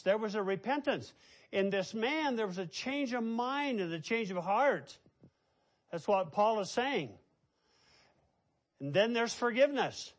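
An older man, a pastor, preaching a sermon and telling a family story in a conversational way. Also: sits high.

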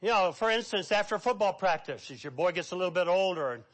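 Middle-aged pastor, male, high voice, emphatic preaching with big loud-soft swings. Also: expressive, quick pace. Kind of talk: sermon.

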